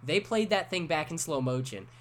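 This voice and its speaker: A man in a casual podcast chat, telling a story with animated energy and swearing freely. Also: a little high, moderate pace.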